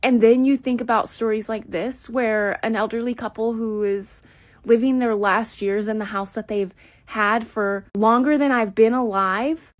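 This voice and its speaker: A woman from Southern California speaks to camera in a somber way. She tells a story slowly and carefully. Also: on the high side, steady tone. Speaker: social media commentator. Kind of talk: casual to-camera talk.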